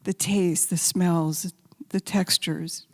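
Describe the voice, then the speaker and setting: A woman giving a spiritual talk as guest speaker, telling stories gently and sometimes dropping to a soft whisper, then leading a guided meditation. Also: fairly low pitch, fairly even intonation, slow. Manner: gentle, intimate storytelling, drops to soft whispers. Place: large sanctuary. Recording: long hall reverb.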